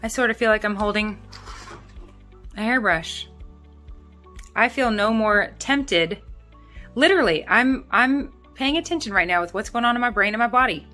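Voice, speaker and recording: Bright, chatty woman vlogger. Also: on the high side, lively intonation, moderate pace, pauses often, faint music behind. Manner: chatty, rambling, with frequent restarts and fillers. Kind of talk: casual talking-head vlog.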